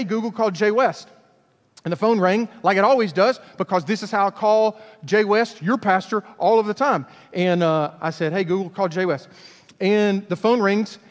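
A man's voice: high voice, long reverb tail. A man from Alabama, a youth pastor telling a chatty story in a sermon, with stumbling restarts.

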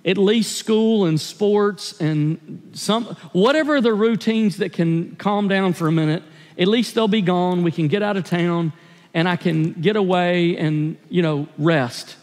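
High-voiced pastor in a reverberant church. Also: male voice, a little slow, a little mellow. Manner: earnest, confessional storytelling. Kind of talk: sermon. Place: church sanctuary.

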